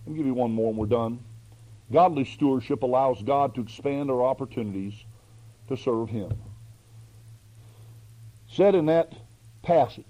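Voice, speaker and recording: A man's voice: medium pitch, normal speed, pauses often, dark tone, dull audio. A man preaching a sermon in a folksy, emphatic way, full of rhetorical questions. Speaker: pastor.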